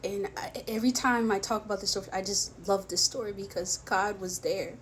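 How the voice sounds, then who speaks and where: A young woman telling a personal faith testimony in a soft, halting way, with many pauses and restarts, tearful at times. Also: medium pitch, steady tone, a little hiss or hum. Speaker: vlogger sharing a faith testimony. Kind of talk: personal testimony, emotional storytelling.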